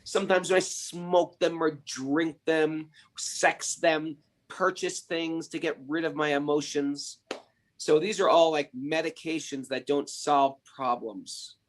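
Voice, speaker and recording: A spiritual podcast host speaks slowly in a steady tone, his voice a little high. He teaches through retold stories, asking emphatic rhetorical questions along the way.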